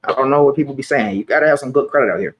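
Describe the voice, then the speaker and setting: A man in his twenties talking casually to camera about money, relaxed and slangy, often repeating his points. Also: medium pitch, rapid-fire, slight background noise, rough recording. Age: 20s. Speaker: personal finance vlogger.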